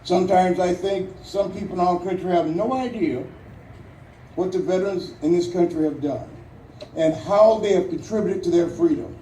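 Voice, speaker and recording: A man from Louisiana giving an earnest, rousing ceremonial speech outdoors, with dramatic pauses and light jokes. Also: high voice, dark tone, a little hiss or hum. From Louisiana, United States. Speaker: Veterans Day ceremony speaker. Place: outdoor memorial ceremony at a national cemetery. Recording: echoey, distant, faint outdoor ambience.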